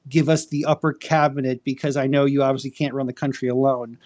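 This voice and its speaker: A man's voice: medium pitch, level tone, fast talker, crowd noise. A man hosting a casual live chat, an attorney who rambles, curses freely and fills his talk with fillers. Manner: rambling, profane, many fillers. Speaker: host.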